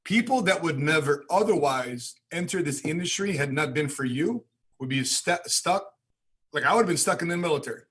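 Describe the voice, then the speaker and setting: Husky man hosting a podcast. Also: a little high, lively intonation, normal speed, fairly bright tone. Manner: conversational, with filler hesitations. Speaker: podcast host. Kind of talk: casual podcast talk.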